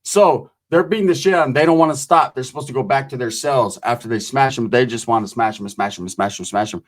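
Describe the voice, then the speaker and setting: A man's voice: mid-range voice, fast. A man telling prison stories in casual, profane street talk, acting out the voices of the people in them. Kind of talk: casual storytelling.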